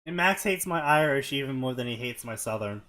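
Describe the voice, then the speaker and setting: A man's voice: medium pitch, expressive, a little fast, a bit bright. A man co-hosting a comedy show, chatting casually and rambling as he skims through a fanfiction text. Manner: rambling, self-deprecating, skims text with filler. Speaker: co-host reading fanfiction. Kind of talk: casual comedic chat and reading aloud.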